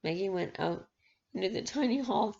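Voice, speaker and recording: A woman reads a novel aloud at a quick clip, tripping over words and correcting herself as she goes. Her voice is gravelly with vocal fry. The recording sounds dull and lo-fi. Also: mid-range voice, lively intonation, a little mellow. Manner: quick reading with frequent stumbles and self-corrections. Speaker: book channel reader.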